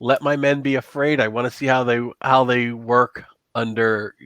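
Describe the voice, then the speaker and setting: A man voicing a gruff, practical Roman guard officer who gives blunt orders. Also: mid-range voice, level tone, moderate pace, a bit bright, no room sound, close to an everyday voice. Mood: brusque. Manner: blunt, matter-of-fact.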